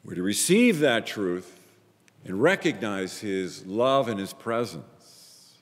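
A man preaching a sermon as a pastor, emphatic, repeating phrases in pairs and swinging between loud and quiet. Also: on the low side, very animated, slow, big-room sound.

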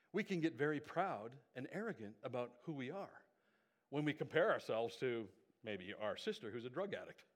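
A man delivers a sermon, retelling a Bible story with animation and chatty check-ins to his listeners. His voice sits slightly high and swings widely in pitch as he dramatizes each beat. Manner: animated storyteller with conversational asides. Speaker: pastor.

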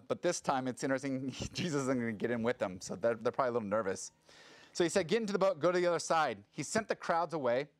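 Man preaching in a lively conversational way. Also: medium pitch. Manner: conversational, animated preaching with sudden loud acted quotes. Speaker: pastor. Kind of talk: sermon.

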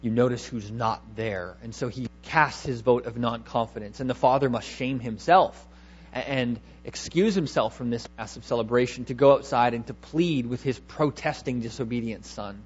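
A man's voice: mid-range voice, moderate pace, slightly rough, highs cut off. A man preaching a sermon, emphatic, repeating key words and asking rhetorical questions.

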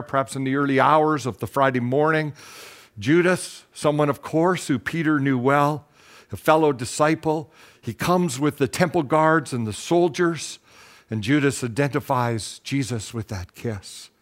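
A male pastor preaching a sermon, retelling a Bible story in an earnest, dramatic way, with pauses and repeated words. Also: medium pitch, fairly bright tone.

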